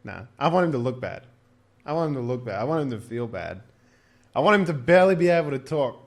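A man's voice: medium pitch, big pitch swings, fast. A young man playing a tabletop game, blunt and joking. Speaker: player. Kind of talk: casual tabletop play.

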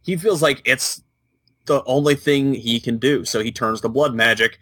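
A man co-hosting a casual gaming podcast, telling the story with animated jokes. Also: medium pitch, moderate pace, no room sound. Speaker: podcast co-host.

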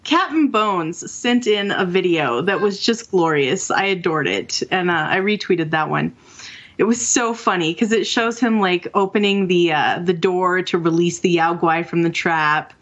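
A woman's voice: fairly low pitch, unhurried, lo-fi sound. Woman, podcast co-host, casual gaming chat, enthusiastic, call mic. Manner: chatty and enthusiastic, reads out listener messages. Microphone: remote call mic.

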